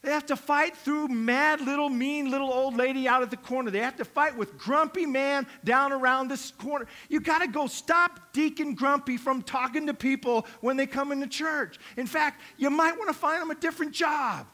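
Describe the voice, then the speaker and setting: A man's voice: very high-pitched, moderate pace, few pauses, pushed and bright. A middle-aged male pastor preaching a sermon in a conversational, humorous way, acting out little quotes.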